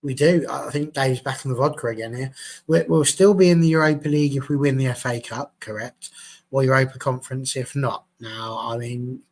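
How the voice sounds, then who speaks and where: A man's voice: mid-range voice, brisk. A man hosting a casual fan panel, chatty and jokey, reading out viewer comments. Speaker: fan show host.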